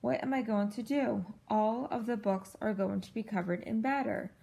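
An eager, cheerful little storybook creature, as a woman reading aloud puts it on. It talks in bouncy exclamations, a little higher than an ordinary speaking voice, with a touch of vocal fry. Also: normal speed, dark tone. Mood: excited. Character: small eager cartoon creature, cheerful and excitable. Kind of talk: reading a picture book aloud.

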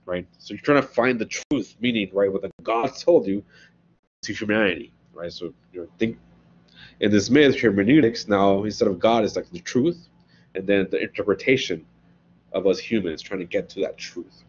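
Speaking at a moderate pace with a fairly low, slightly breathy voice, a man delivers a philosophy lecture in a conversational tone. He frequently asks "right?" while laying out concepts. The classroom recording sounds dull and lo-fi.

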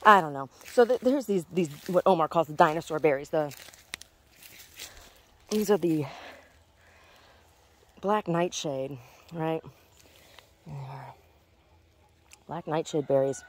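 A woman's voice: low-pitched, takes it slowly, long pauses. Woman muttering to herself in the garden. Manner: chatty, muttering to herself, sing-song baby talk to animals. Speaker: vlogger. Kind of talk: casual garden vlog, talking to herself and her chickens. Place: outdoor backyard garden.

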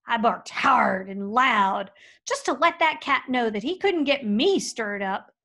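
A woman reading a storybook aloud in a folksy, expressive way that swings from hushed to loud. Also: a little high, unhurried, creaky. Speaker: audiobook reader. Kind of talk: storybook narration.

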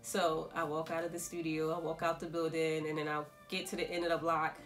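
A young woman, a fashion designer telling a story in a casual, animated vlog. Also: low-pitched, brisk, soft background music. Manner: animated, chatty storytelling full of quoted asides.

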